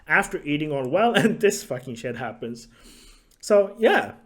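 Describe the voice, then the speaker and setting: Man, casual vlog storytelling, sarcastic, profane, fairly high voice. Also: sing-song, measured pace. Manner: profane, sarcastic, laughs often. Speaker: YouTuber.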